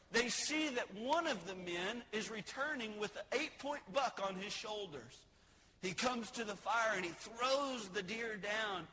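A man preaches with a high, bright, ringing voice that keeps a folksy, conversational edge. He throws questions and light jokes out to the congregation between points. A faint hiss sits under the recording. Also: low-quality recording. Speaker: pastor. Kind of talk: sermon.

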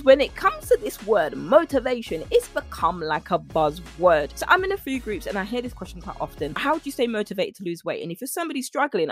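A woman's voice: medium pitch, dry recording, studio quality. A woman hosting her own podcast as a nutrition coach, chatty and rambling with frequent asides. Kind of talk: solo podcast chat.

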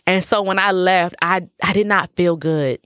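A woman in her thirties, a professional dancer, telling a story as a guest in a casual interview. She is animated, acts out what people said and laughs often. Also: on the low side, normal speed, dry recording, studio quality.

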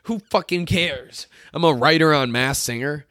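A hoarse young man hosting a solo podcast from his bedroom, ranting in a frustrated, profane way and mocking others in put-on voices. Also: a little high, normal speed, a bit bright, dry recording, studio quality. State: sick and tired, hoarse.

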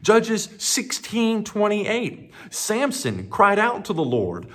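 A man's voice: sits high, very animated, slow. A male pastor preaching a sermon with emphatic delivery, building up as he quotes scripture.

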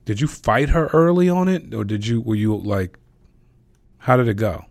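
A man's voice: lowish voice, animated, moderate pace, vocal fry, darkish tone, no room sound. A man hosting an interview who asks questions in a rambling way and laughs easily. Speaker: host.

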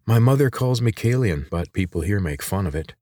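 A cautious young boy, voiced by a man reading a story, hesitant and earnest, full of questions. His voice sits above the reader's own and moves in lively rises. The sound is dry and close. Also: fairly low pitch, fairly quick, no room sound. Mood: earnest, unsure.

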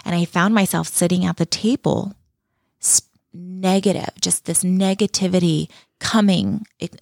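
A woman's voice: lowish voice, steady tone, moderate pace, gravelly, a little mellow, no echo, clean studio sound. A middle-aged woman speaking as a guest in an interview, earnest and heartfelt, repeating key words for emphasis. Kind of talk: reflective personal interview talk.

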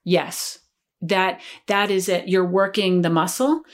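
A woman's voice: fairly low pitch, steady tone, slow pace. A woman who works as a life coach, a podcast guest telling a personal story in an earnest, reflective way. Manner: earnest, reflective, dips quiet at tender moments.

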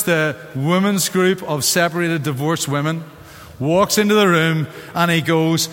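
A man with a Northern Irish accent preaching a sermon as pastor, in an animated, theatrical way. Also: on the high side, unhurried. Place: church sanctuary. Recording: long church hall reverb.

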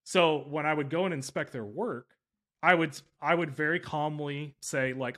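A man's voice: a little high, moderate pace, fairly bright tone. Rambling, emphatic male podcast host. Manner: rambling and emphatic, with frequent self-corrections. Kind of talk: casual interview chat.

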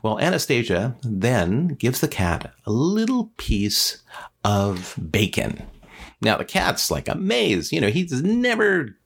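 A man's voice: medium pitch, wildly swooping pitch, slow pace, vocal fry, breathy edge. A man casually retelling a folk tale in a conversational way, with many fillers and wry asides. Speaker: storyteller.

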